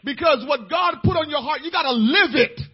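A man preaching a sermon with fervor, moving from quiet storytelling to shouting, with many "uh"s and repeated words. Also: very high voice, animated. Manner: fervent, swings from soft storytelling to shouting; fills pauses with "uh", repeats words. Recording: dull lo-fi recording.

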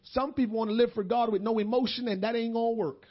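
Pastor, male, very high voice. Fervent sermon delivery that rises to shouting. Muffled, lo-fi audio. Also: fairly even intonation, fast talker. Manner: impassioned preaching, swelling to shouts.

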